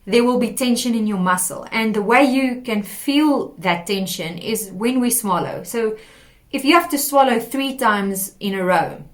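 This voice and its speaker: Woman, vocal coach, singing lesson, unhurried delivery, sung demos. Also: on the high side. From South Africa. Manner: slow, patient, demonstrates with sung exercises.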